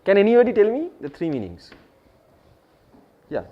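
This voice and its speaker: Here a man with an Indian English accent leads an English class, using Hindi to clarify vocabulary and asking his students questions. He speaks at a moderate pace in a high-sitting voice with huge swings in pitch, explaining word meanings and repeating important phrases. The classroom audio is dull and lo-fi.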